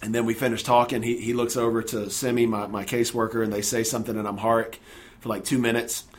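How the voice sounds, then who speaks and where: A man earnestly retelling a personal story in a relaxed conversation, acting out the lines of the people in it. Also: medium pitch, fast. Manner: earnest, animated retelling with acted-out quotes. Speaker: guest telling his story.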